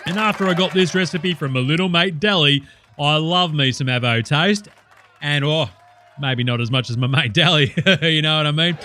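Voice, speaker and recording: A man's voice: fairly high pitch, normal speed, bright, forceful tone. A man putting on a brash, sweary, boisterous Australian cooking-show host in a comedy sketch, with hammy showman patter.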